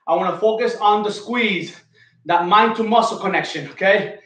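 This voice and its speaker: High-voiced man coaching a workout, echoey. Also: normal speed. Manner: counting reps aloud, coaching cues, energetic whoops. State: out of breath. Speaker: fitness coach. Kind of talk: workout instruction with rep counting. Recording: echoey room, voice from a distance.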